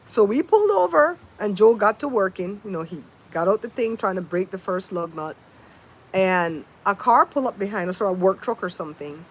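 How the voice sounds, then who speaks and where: A grandmother hosts a casual livestream outdoors, chatting to viewers by name, telling stories, and mimicking sounds while faint wind noise blows in the background. Her mid-range voice is sing-song and breathy-edged, running a little fast with hardly any pauses.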